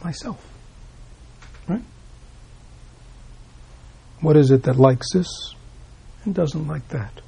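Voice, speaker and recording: A man's voice: on the high side, slow, creaky, long pauses, warm tone, husky. A man giving a Buddhist dharma talk, asking rhetorical questions and tagging "right?" onto his points with small chuckles. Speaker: Buddhist teacher.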